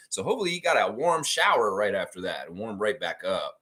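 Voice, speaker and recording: Animated man hosting a fan livestream. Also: fairly low pitch, a little fast. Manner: animated, excitable, chatty, reads out viewer comments. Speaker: sports fan livestream host. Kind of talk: casual solo livestream commentary.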